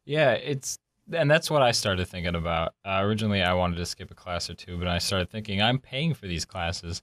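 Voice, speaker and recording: A young man hosting a casual college podcast, relaxed and rambling with lots of fillers. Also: sits low, brisk, dry recording, studio quality. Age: young adult. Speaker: podcast host. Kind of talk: casual chat. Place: college campus.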